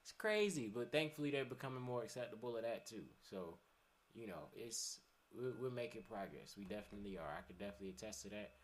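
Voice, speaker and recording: A man's voice: on the low side, animated, fast. A man chatting casually on a podcast, laid-back and profane, laughing often and talking with many fillers. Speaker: podcast guest.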